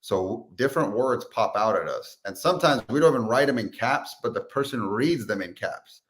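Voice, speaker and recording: As a podcast guest, a male entrepreneur and sales expert spins business stories casually, animated and performing quotes as he tells them. He speaks in a mid-range voice at a normal pace.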